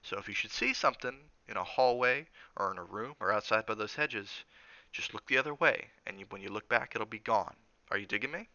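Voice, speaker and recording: A man's voice: fairly low pitch, brisk, bright, forceful tone, no room sound, dull audio. A man reading the part of a kindly older male hotel cook, with a folksy, reassuring drawl.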